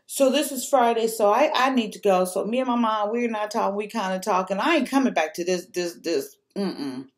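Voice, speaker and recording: A woman's voice: medium pitch, lively intonation, fairly quick, few pauses. A woman telling a personal story to the camera in a casual, rambling way, swearing freely and filling gaps with ums and restarts.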